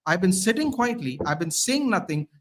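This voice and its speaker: A man guesting on a live football reaction stream, ranting in an exasperated, animated way. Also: high voice, moderate pace. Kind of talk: live match reaction chat.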